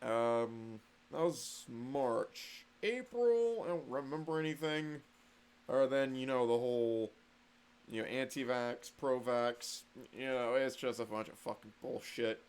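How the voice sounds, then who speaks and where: A man's voice: medium pitch, unhurried, clean tone. A man vlogging in a casual, rambling monologue, sardonic and full of swearing.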